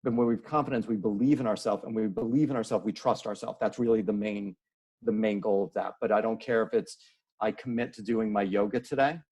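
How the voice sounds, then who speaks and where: A man speaking as an interview guest, earnest and halting, often restarting his sentences. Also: on the low side, fairly even intonation, darkish tone, breathy edge. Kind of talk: casual interview conversation.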